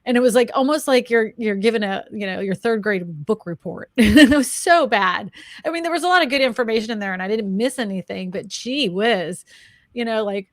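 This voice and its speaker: A woman's voice: a little high, fairly quick, dry recording. Woman co-host, chatty and self-deprecating, laughs a lot, dry close sound. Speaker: co-host, real estate agent and YouTuber. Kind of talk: casual chat.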